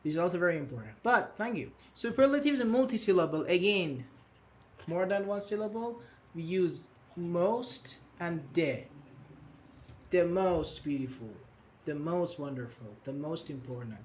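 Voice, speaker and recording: A fairly high-voiced man teaches an online grammar class and patiently walks his students through examples. He praises their answers as he goes, with a faint hiss of noise behind him. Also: lively intonation, moderate pace, a little mellow. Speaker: English teacher.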